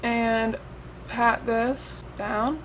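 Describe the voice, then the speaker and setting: A woman's voice: a little high, steady tone, drawn-out words, noisy background. A young woman chatting casually through a makeup tutorial, swearing and saying "like" and "um" a lot. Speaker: makeup vlogger.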